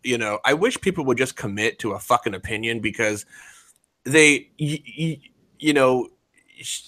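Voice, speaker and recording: A man's voice: medium pitch, lively intonation, moderate pace, sharp tone, no room sound. A man hosting a casual podcast chat, blunt and opinionated, swearing freely.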